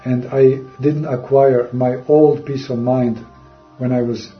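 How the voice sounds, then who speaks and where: A man giving an earnest personal testimony in a halting way, searching for words in careful non-native phrasing. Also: medium pitch, fairly even intonation. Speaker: Christian recounting a personal experience. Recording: roomy, dull lo-fi with faint music.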